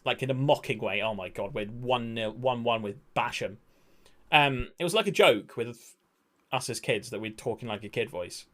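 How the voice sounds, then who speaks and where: A man in his twenties with a mid-range voice streams a football management game, giving rambling, excitable commentary at normal speed and swearing now and then.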